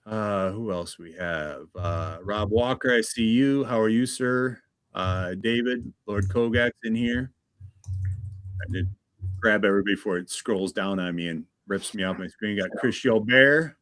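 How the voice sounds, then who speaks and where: A chatty man hosting a livestream, greeting viewers by name in an easygoing way. His voice sits on the low side. The sound is dry and close, with no room around it. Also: unhurried, a bit bright, no room sound. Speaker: livestream host. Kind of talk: casual livestream chat.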